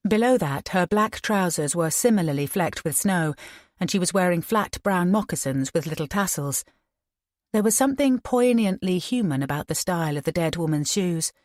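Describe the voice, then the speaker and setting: A woman narrating a crime audiobook in an even, measured reading. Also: fairly low pitch, dry recording, studio quality. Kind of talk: scripted narration.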